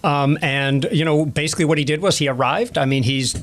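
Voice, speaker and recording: Man answering history questions, slightly high voice. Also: a little fast, fairly bright tone. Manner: rambling, many fillers, self-correcting. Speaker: guest historian. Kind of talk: casual expert Q&A.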